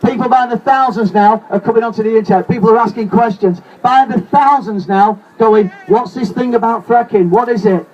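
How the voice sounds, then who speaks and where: A man's voice: very high voice, brisk, hardly any pauses, lo-fi sound. A man from Lancashire, giving an impassioned anti-fracking speech at an outdoor protest and repeating rallying cries. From Lancashire, England. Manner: repetitive rallying cries, shouting to the crowd. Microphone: camera held in the crowd, away from the speaker. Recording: distant outdoor recording with crowd noise.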